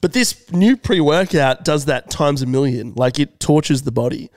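A young man telling a comedic story on a podcast in an animated, drawn-out way. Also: a little high, no echo. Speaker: podcast co-host.

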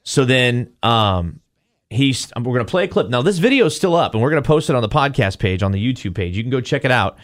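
A man's voice: medium pitch, a little fast, no room sound, studio quality. A male podcast host retells a story casually, acting out quotes as he goes. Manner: animated retelling, acts out quotes.

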